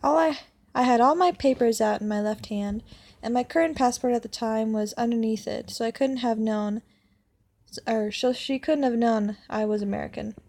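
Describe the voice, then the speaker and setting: A young woman with a fairly high voice reads an online story aloud. She often trips over words and goes back to correct herself as she reads. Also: normal speed, vocal fry, a little mellow. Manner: stumbles and corrects herself while reading. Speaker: story reader. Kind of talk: reading online stories aloud.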